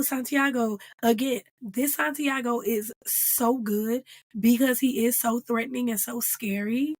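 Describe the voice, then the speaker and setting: Animated, playful woman reviewing TV. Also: fairly high pitch, dry recording. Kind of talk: casual reaction review.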